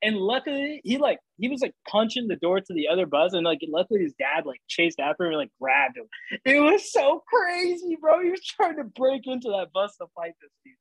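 A man's voice: high voice, fairly quick, hardly any pauses, slightly rough, no room sound, low-quality recording. A young man casually telling funny travel stories, swearing freely and laughing as he goes. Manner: animated, profane, laughing storyteller. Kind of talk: casual storytelling chat.

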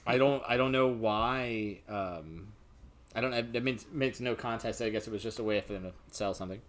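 A man's voice: fairly low pitch, moderate pace, fairly bright tone. A young man in casual chat, rambling through stories in a loose, profane way.

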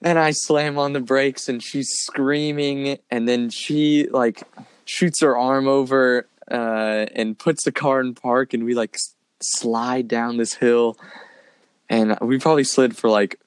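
A man's voice: medium pitch, steady tone, takes it slowly, clear, resonant tone, dry recording. A young man telling a long personal story in casual chat, rambling, with many fillers like "like" and "dude". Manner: rambling, filler-heavy, says "like" and "dude" often.

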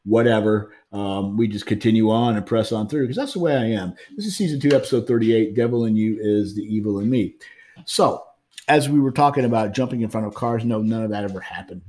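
A man's voice: fairly low pitch, a little fast, warm tone. A man hosting a podcast from his home, talking in a frank, rambling way with many fillers and restarts. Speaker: podcast host. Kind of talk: casual monologue.

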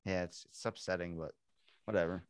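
A man from the United States hosts a podcast in a low voice, chatting loosely and swearing often. His voice sounds dry and close, with no room around it. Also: steady tone, a little fast, clean tone, no echo. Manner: swearing, self-deprecating. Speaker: podcast host. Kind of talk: casual chat.

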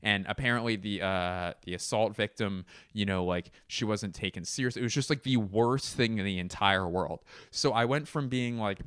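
A man's voice: on the low side, normal speed, hardly any pauses, a bit bright, clear, resonant tone, dry recording, clean studio sound. A man in his thirties hosting a podcast, telling stories in a rambling, profane, jokey way. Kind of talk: casual comedic monologue.

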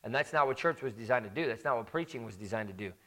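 A man preaching a sermon, climbing to loud emphatic peaks and dropping low and quiet, slowing down on the points he stresses. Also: expressive. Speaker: pastor.

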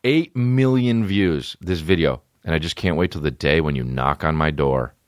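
Low-voiced dude rambling on his podcast, cussing a lot, dry close sound. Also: a little fast, dry recording. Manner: swearing, rambling, jumps into high-pitched impressions. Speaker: podcast host. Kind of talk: casual comedic rambling monologue.

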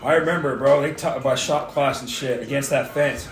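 A man's voice: medium pitch, a little fast. A young man reminiscing casually with friends, slangy and full of "bro.". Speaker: friend in conversation. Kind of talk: casual chat. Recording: roomy with faint music.

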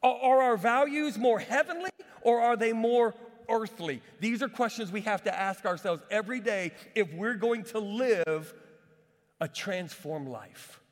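A man preaching a sermon as pastor, telling stories with lively repeats and asides to the congregation. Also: high voice, unhurried. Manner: energetic storytelling with repetitions and asides. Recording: long hall reverb.

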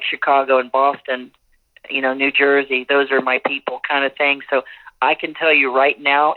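A singer in a phone interview, talking earnestly and rambling with many restarts. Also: medium pitch. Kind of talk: phone interview, candid talk. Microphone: telephone. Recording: tinny phone line.

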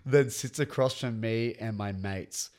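A man's voice: medium pitch, darkish tone. A young man co-hosting a casual podcast, reading listener stories aloud and laughing often. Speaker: podcast co-host.

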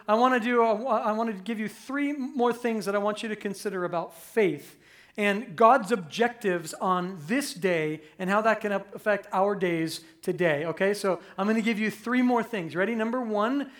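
A man preaching a conversational, animated sermon as pastor, acting out quick voices for humor. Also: high-pitched.

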